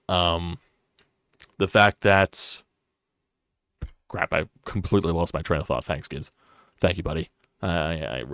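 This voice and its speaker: A man's voice: low voice, a bit bright, no echo. A young man ranting on a live sports stream, frustrated and profane, repeating himself as he talks.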